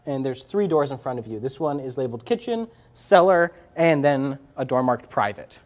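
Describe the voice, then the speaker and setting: A man's voice: mid-range voice, animated, moderate pace, a little mellow. Man running a tabletop game. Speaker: game master.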